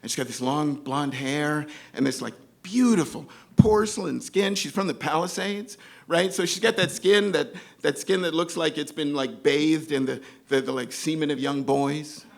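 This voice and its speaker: With some vocal fry in a slightly high voice, a man from New York tells a live audience a funny story about his life at normal speed. He stays animated, voicing the other people in the story himself.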